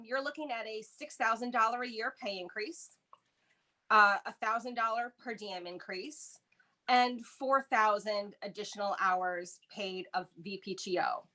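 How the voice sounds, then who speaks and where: A woman presents contract math to union members, taking each figure in turn. Her voice is bright and forceful, and she stays steady and methodical. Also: medium pitch. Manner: methodical, talks through figures step by step. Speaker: union negotiating team presenter. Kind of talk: explanatory walkthrough of contract math.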